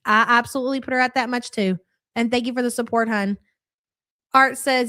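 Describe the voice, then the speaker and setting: A woman's voice: on the high side, fairly even intonation, fairly quick, bright, forceful tone, no echo, studio quality. A woman hosting a live reaction stream, talking casually and bluntly with a sarcastic edge as she answers viewer chats and calls them "hun".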